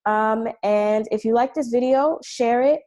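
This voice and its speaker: A woman's voice: fairly high pitch, measured pace, warm tone. Patient woman teaching a language lesson. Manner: clear, patient explaining with careful pronunciation drills. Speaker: Hebrew teacher.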